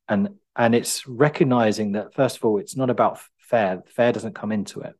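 Calm low-voiced man. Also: fairly quick, slightly rough. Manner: calm, conversational, storytelling asides. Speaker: self-help speaker. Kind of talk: reflective motivational talk.

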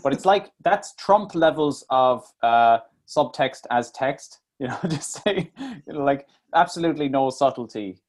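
A man's voice: medium pitch, unhurried. A man in casual chat, reviewing a film with mocking asides and swearing. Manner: animated, swearing, mocking impressions. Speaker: podcast co-host.

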